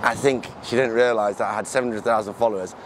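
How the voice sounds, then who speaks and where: A young man, hosting a casual vlog and telling stories in an animated, slangy way. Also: on the low side, fast talker, noisy background. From England. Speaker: vlog host. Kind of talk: casual vlog chat and storytelling.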